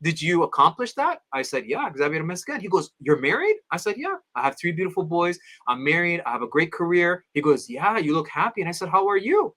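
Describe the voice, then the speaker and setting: A man in his thirties, an interview guest, telling personal stories in an animated way and acting out his friends' voices. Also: a little fast, hardly any pauses. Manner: animated, acts out friends' voices with big pitch jumps; addresses host as "my beloved father". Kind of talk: storytelling in casual interview.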